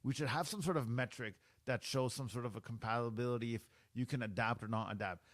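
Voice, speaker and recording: A man's voice: medium pitch, fast talker, no echo. A man in his forties from Canada, hosting a podcast and giving an opinionated monologue, stressing and repeating his points as he speaks straight to the listener. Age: 40s. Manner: emphatic, repeats points, addresses listeners directly. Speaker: podcast host.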